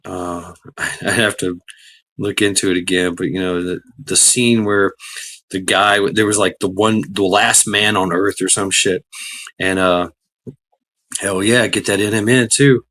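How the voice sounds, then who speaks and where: A middle-aged man with a deep, unhurried voice hosts a casual livestream. He rambles with lots of fillers, greets chatters by name, and now and then breaks into excited shouts.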